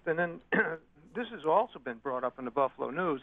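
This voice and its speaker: Halting, indignant radio caller, slightly high voice, heard through a thin phone line. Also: male voice, lively intonation, no room sound. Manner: halting, full of uhs, indignant. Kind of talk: phone-in call. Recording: tinny, dry phone line.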